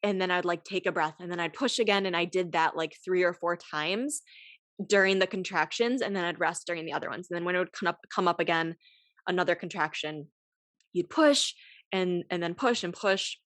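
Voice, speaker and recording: A woman's voice: lowish voice, a little fast, fairly bright tone, no echo. A young woman hosting a podcast, telling a personal story in a casual, emotional way, with many sighs and fillers, at times close to tears. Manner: emotional, sighing, filler-heavy. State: tearful. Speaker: podcast host.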